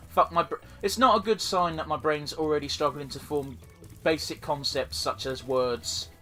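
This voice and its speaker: A man's voice: on the high side, moderate pace, bright, forceful tone, soft background music. A man hosting a let's play, giving rambling, profane, self-deprecating commentary while he plays. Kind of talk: casual gameplay commentary.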